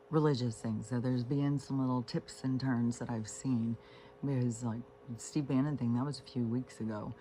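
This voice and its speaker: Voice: mid-range voice, mellow, a little hiss or hum. A vlogger talking at home in a casual, meandering monologue, profane and full of fillers and restarts. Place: at home on a couch with pets.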